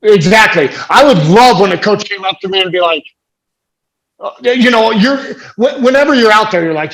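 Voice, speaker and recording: A man's voice: high voice, expressive, normal speed, a bit bright, poor audio. A man from the United States, a guest on a podcast, talking in a fired-up, emphatic way with frequent swearing in casual chat.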